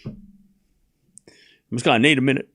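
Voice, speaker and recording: A man with a medium-pitched, slightly bright voice speaks at a moderate pace with fairly even intonation. Hosting a live tennis watchalong, he chats casually with viewers, reads the chat, and calls out scores in a jokey, rambling way.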